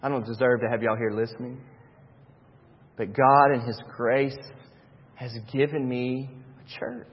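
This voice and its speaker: A man preaching a sermon as pastor, swinging between hushed stretches and loud, excited ones. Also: medium pitch, a little slow, long pauses, slightly rough. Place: church sanctuary. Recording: dull reverberant church sound.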